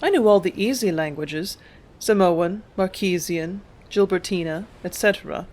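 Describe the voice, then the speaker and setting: A woman reading a first-person memoir as an audiobook narrator, calm and measured. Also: lowish voice.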